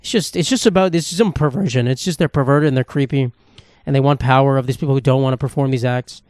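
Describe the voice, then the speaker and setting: A man's voice: mid-range voice, fast talker, darkish tone, no room sound, studio quality. A man hosting a podcast in a casual comedic monologue, ranting profanely and rambling with restarts. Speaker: podcast host. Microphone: podcast microphone.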